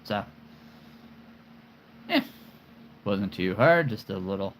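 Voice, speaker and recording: A man's voice: lowish voice, takes it slowly, pauses often, a little hiss or hum. A man in his forties hosting a live stream, chatting casually and playfully about his collection, rambling with chuckles and puns.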